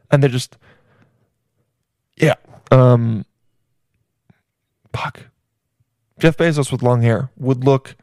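A man's voice: mid-range voice, fairly even intonation, normal speed, darkish tone, dry recording, clean studio sound. A man riffing in a crude comedic ramble, full of restarts and swearing.

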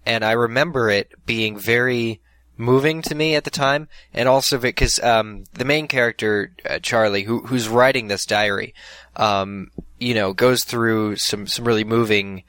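A man's voice: medium pitch, fairly even intonation, moderate pace, fairly bright tone, dry recording. A man co-hosting a casual chat about films, rambling with many restarts and fillers.

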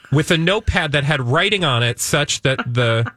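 A man's voice: a little high, lively intonation, moderate pace, pushed and bright, no room sound, studio quality. A man co-hosting a podcast in casual comedic chat, playful and mock-outraged. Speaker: podcast co-host.

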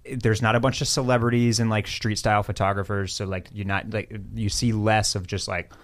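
A man's voice: fairly low pitch, level tone, brisk. Rambling young man chatting about fashion. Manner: loose, rambling, lots of fillers and restarts. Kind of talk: casual chat about fashion.

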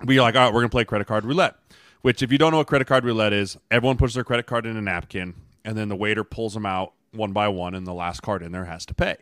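A man's voice: lowish voice, steady tone, fast, hardly any pauses, a bit bright, no echo, studio quality. A man co-hosting a football podcast, telling a team dinner story in casual chat with mocking quoted lines. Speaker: podcast co-host, former NFL lineman.

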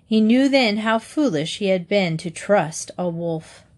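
Slow, measured woman reading fables. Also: medium pitch, lively intonation. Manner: gentle, measured reading with moral endings. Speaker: storyteller. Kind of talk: scripted storybook narration.

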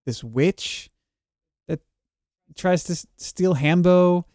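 A young man co-hosting a casual podcast, explaining plot points in a relaxed way. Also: high voice, slow pace, no echo, studio quality. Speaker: podcast co-host. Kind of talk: casual chat.

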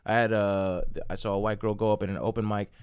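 A man's voice: fairly low pitch, level tone, fast, clear, resonant tone, no echo, studio quality. A stand-up comedian, a man speaking in a laid-back, slangy, profane casual chat.

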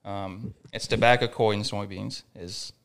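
A man's voice: on the low side, fairly even intonation, measured pace, gravelly, a bit bright, clear, resonant tone. A young man, a college baseball coach telling stories in a laid-back, folksy way as a podcast guest. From Western Kentucky. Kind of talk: casual podcast chat.

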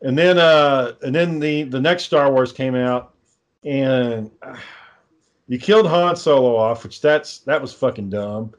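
A man's voice: medium pitch, a little slow. A man ranting sarcastically and swearing constantly in a casual conversation. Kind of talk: casual profane chat.

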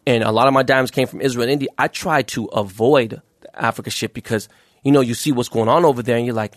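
A man talking very fast and loose in a relaxed interview, full of "you know" and swearing. His voice sounds dry and close, with the room barely there. He sits at a middling pitch and runs his words together in a hurry. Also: dry recording. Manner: rapid, profane street talk full of fillers. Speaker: jeweler, podcast guest. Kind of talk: casual interview chat.

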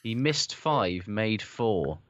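A man's voice: on the low side, sing-song, takes it slowly, fairly bright tone, dry recording. A man co-hosting a rugby podcast, talking bluntly and swearing a lot. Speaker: podcast co-host. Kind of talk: casual chat about rugby. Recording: dull, dry lo-fi sound.

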